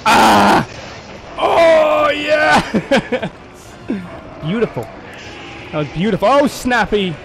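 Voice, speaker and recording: A high-voiced man talks through his game run in a loose, rowdy let's-play style. His pitch swings widely as he jumps between muttering and yelling, and a faint hiss sits under the recording. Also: slow, vocal fry, long pauses, low-quality recording. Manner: excitable, swears, shouts and laughs at the game. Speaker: gameplay commentator.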